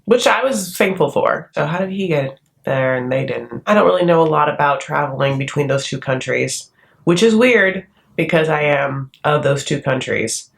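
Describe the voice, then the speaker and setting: A woman's voice: low-pitched, lively intonation, moderate pace, creaky. A woman from the United States hosting a reality TV recap in casual, sarcastic commentary. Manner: sarcastic, chatty, does mocking voices for the cast.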